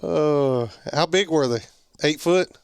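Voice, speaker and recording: A man's voice: a little high, takes it slowly, a little mellow, smooth, no room sound, studio quality. A man hosting a podcast and asking a guest teasing, easygoing questions. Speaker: podcast host. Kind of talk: casual chat.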